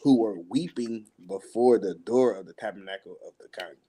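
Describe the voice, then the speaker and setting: A man's voice: lowish voice, moderate pace, background noise. A man joining a casual Bible discussion. He talks in laid-back slang, laughs between points and searches for verses. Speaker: Bible study participant.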